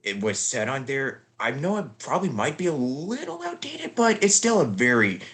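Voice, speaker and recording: A man's voice: mid-range voice, huge pitch swings, normal speed, fairly bright tone. A young man hosting an interview podcast, talking casually with lots of fillers and laughs. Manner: rambling, many fillers, laughs often. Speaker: podcast host.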